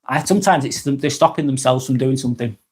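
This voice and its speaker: A man's voice: medium pitch, quick pace, a little mellow, slightly rough. A man hosting a live vlog, talking casually and frankly, swearing often and rambling through restarts as he reads out and answers chat comments.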